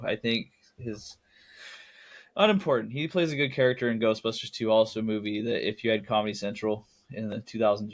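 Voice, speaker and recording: A young man co-hosting a casual film podcast, rambling and correcting himself, laughing at his own jokes. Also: lowish voice. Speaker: podcast co-host.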